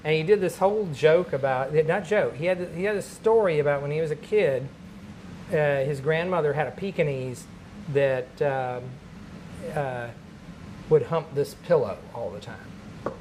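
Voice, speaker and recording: A man, a stand-up comedian, telling a long anecdote in casual chat, animated and laughing between lines, with many fillers. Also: a little high, unhurried, slight background noise.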